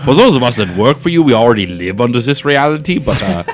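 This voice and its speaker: A man plays a tabletop game with dry, matter-of-fact remarks. His pitch moves widely. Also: sing-song, fast, soft background music. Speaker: player.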